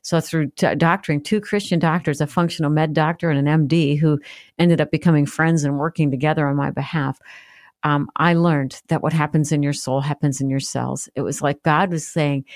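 A woman's voice: deep voice, fairly even intonation, normal speed, no room sound, studio quality. A middle-aged woman, a guest author, gives a personal testimony in an interview. She tells her story earnestly and vividly, and acts out the prayers she remembers.

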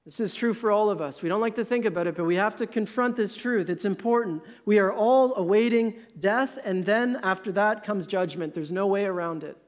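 Male preacher, high pitch, earnest and emphatic sermon delivery. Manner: earnest, emphatic, slows down to stress key words.

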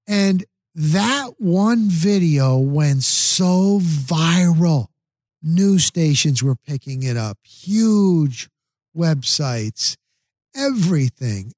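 A man's voice: lively intonation, slow, a little mellow, no room sound, studio quality. Rambling man telling stories on a podcast. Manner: rambling storyteller, acts out quotes with big pitch jumps. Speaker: podcast host. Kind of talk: casual monologue.

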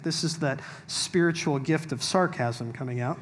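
A man's voice: a little high, moderate pace, few pauses. Man, pastor, sermon, wry, conversational, scripture reading. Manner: conversational, wry, with asides to the congregation.

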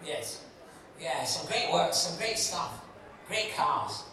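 An older man, a guest actor, tells lively anecdotes on stage and slips into voices as he goes. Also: on the high side, takes it slowly, distant mic. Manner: animated storyteller, acts out voices, laughing. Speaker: guest actor at a fan convention Q and A. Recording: echoey hall heard from afar with crowd. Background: audience laughter.

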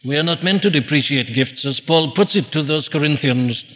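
A man's voice: a little high, moderate pace, in a large hall, muffled recording. A man preaching a sermon earnestly, posing questions and answering them himself. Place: church.

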